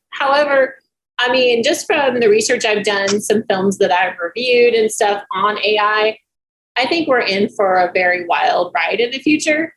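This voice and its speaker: A woman filmmaker talking as an interview guest over a video call, chatty and animated, often laughing. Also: mid-range voice, low-quality recording.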